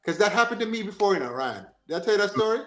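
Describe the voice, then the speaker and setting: Rapid-fire and high-voiced, a Jamaican man runs a relaxed football podcast chat from an echoey room. He speaks animatedly, says things more than once, and often asks "you understand?"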